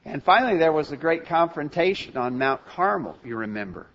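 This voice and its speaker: An older male preacher delivers a sermon in an earnest, conversational manner and often turns to his listeners with questions. His voice sits a little high for a man. The recording is muffled and lo-fi. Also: big pitch swings, brisk, a bit bright.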